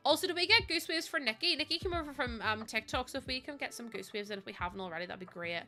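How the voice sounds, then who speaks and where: Young woman, casual streamer chatter, bright and crisp tone, soft music underneath. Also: a little high, expressive, fast. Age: young adult. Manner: chatty and rambling, reacting to chat messages. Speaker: livestreamer. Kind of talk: casual livestream chat while playing a game.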